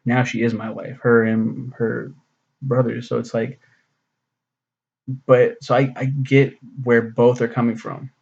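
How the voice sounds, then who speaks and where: Gravelly, rambling man reviewing a comic. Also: mid-range voice, flat delivery, measured pace, long pauses, a little mellow, lo-fi sound. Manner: rambling, profane, lots of fillers. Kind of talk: casual recap and commentary.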